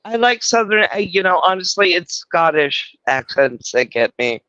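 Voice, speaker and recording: A man's voice: sits high, big pitch swings, moderate pace, sharp tone, smooth, no room sound, muffled recording. A man from California hosting a casual live chat, telling rambling stories and swearing freely. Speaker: host.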